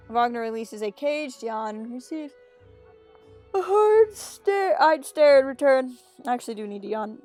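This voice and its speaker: A woman's voice: a little high, lively intonation, measured pace, pauses often, a little mellow. A woman on a casual gameplay stream, reading the story text aloud and slipping into playful voices for the characters between chatty asides. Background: faint game music.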